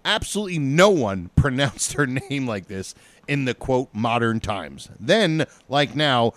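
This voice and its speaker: Animated male podcast host. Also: medium pitch, a little slow. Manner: laughing, enthusiastic. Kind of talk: casual chat.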